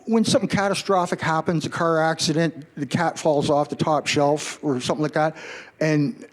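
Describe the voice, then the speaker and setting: A middle-aged man from Canada, a journalist telling a story to a live audience and acting out what people said. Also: fairly high pitch. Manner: animated, acts out quoted voices.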